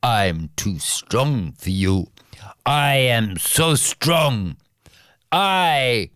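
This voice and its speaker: A man voicing a brash, boastful young shepherd who shouts cocky threats. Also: mid-range voice, smooth, dry recording, clean studio sound, pitched above the performer's own voice, exaggerated voice.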